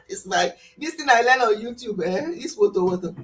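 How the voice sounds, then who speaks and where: Animated chatty woman, lively laughing host. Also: a little high, normal speed. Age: older. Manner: animated, laughs often, quotes others in voices. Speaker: live-stream host. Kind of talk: casual chat to live-stream viewers.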